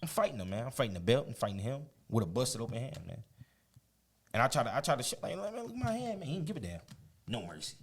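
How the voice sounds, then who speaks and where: A man, a guest on an interview show, telling a personal story in a casual, animated way, often laughing and acting out quotes. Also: medium pitch, fast talker, slight background noise.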